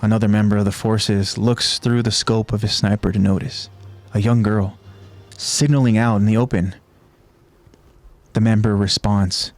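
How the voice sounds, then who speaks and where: A man who hosts a podcast, retelling an anime episode scene by scene in a steady, descriptive way. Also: fairly low pitch, normal speed, no room sound. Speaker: podcast host.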